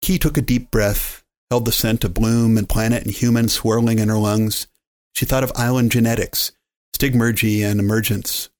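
A man's voice: lowish voice, little pitch movement, normal speed. Man narrating a science-fiction audiobook.

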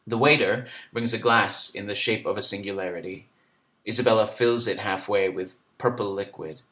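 Male narrator, somewhat low voice, measured introspective literary reading. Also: fairly bright tone. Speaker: storyteller. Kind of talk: literary first-person narration.

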